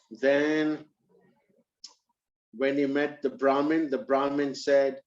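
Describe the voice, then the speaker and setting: A man preaching who tells a story in a lively way and acts out its characters. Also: medium pitch, slow pace, long pauses. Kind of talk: storytelling in a sermon. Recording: roomy, slightly dull recording.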